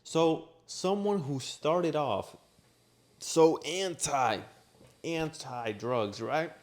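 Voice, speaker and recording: Young guy telling his own story, gets loud and worked up, goes up and down a lot. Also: on the high side, drawn-out words. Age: young adult. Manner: animated, acts out his own shouting in quoted lines. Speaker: vlogger. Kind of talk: personal storytelling. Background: washing machine running.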